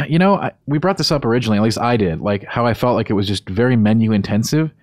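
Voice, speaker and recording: A man's voice: fairly low pitch, animated, fast, no echo. A man reviewing a video game in a casual podcast chat, emphatic and opinionated, on a close studio mic.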